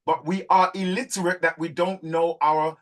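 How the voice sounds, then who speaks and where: A man's voice: fairly high pitch, little pitch movement, normal speed, fairly bright tone. A man hosting a community call, preaching to listeners and repeating key words for stress. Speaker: host of a community group call. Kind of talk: fervent live group talk.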